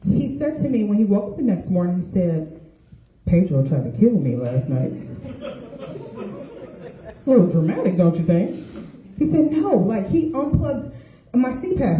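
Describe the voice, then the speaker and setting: A woman's voice: mid-range voice, mellow. A middle-aged woman doing a stand-up comedy set, telling stories and voicing the people in them. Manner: storytelling with voiced quotes of others. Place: stage with audience laughter. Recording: echoey room.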